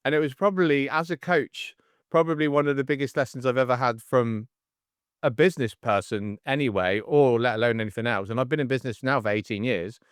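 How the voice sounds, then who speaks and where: A man in his forties hosting a casual podcast chat, telling stories in an animated way and acting out the people in them. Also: medium pitch, brisk, clear, resonant tone, no echo, clean studio sound. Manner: animated storyteller, acts out the voices in his stories. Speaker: podcast host and coach.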